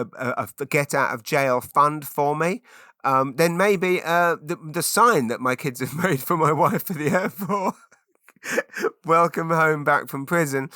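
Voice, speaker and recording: A man rambles through a solo podcast, making self-mocking asides and restarting his sentences. His voice is bright and forceful, recorded close and dry with no room sound. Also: mid-range voice, no echo. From Britain. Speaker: podcast host. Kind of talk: casual solo podcast monologue.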